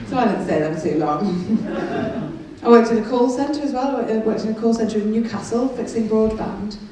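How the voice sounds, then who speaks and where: A woman's voice: fairly high pitch, moderate pace, background noise. A woman performing a chatty, cheeky stand-up set and teasing the crowd, recorded live in a concert hall. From Wales. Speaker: stand-up comedian. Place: concert hall with a laughing audience. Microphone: venue recording taken from the audience. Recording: distant echoey hall audience recording.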